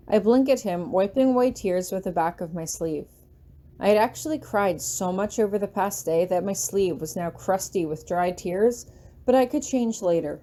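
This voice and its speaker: A woman narrating a fanfiction audiobook in an expressive first-person storytelling manner. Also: mid-range voice, normal speed. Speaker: audiobook reader.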